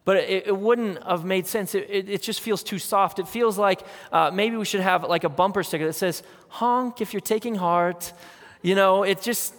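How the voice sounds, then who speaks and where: A male pastor delivers a sermon in a conversational, earnest way. His voice sits a little higher than most men's. He drives his points home with repeated phrases, and his words ring out with the long reverb of a large church sanctuary. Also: steady tone, moderate pace, few pauses, fairly bright tone. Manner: earnest, conversational storytelling with emphatic repetition.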